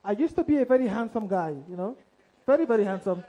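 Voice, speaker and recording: High-pitched, mellow-toned male storyteller. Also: animated, quick pace, poor audio. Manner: dramatic, asks the audience questions directly. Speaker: investigative journalist. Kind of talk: storytelling talk on stage. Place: live event stage before an audience.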